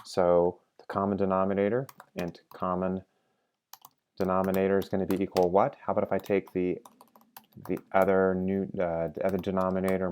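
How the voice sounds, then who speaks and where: A man's voice: deep voice, a little mellow. A man teaching programming while he codes, chatty and prompting the viewer to answer along. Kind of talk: live-coding lecture.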